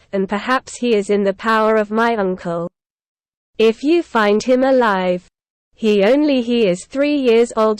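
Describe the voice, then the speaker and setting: A woman's voice: fairly high pitch, darkish tone, clear, resonant tone, no room sound, close to an everyday voice. A woman reading a fierce young noblewoman commander.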